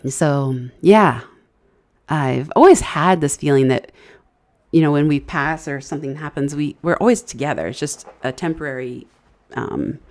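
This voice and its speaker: A woman's voice: deep voice, normal speed, a little mellow. A middle-aged woman hosting a casual live stream, telling a story in a chatty, rambling, emotional way. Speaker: livestream host.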